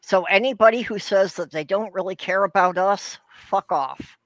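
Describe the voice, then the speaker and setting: Man, blunt co-host, swears, slightly higher pitch, dry sound. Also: steady tone, normal speed, a bit bright, dry recording. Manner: blunt, profane asides. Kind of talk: casual chat.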